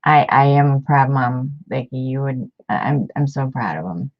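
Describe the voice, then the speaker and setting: A woman's voice: rumbling low, moderate pace, dull audio. A woman hosting a craft video, talking casually to her viewers in a chatty, rambling way with many fillers and restarts. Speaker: craft channel host.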